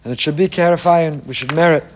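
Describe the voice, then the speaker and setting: A man's voice: on the high side, quick pace, slight background noise. A middle-aged man giving an impassioned sermon, asking rhetorical questions and quoting Hebrew texts. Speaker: rabbi giving a Torah class.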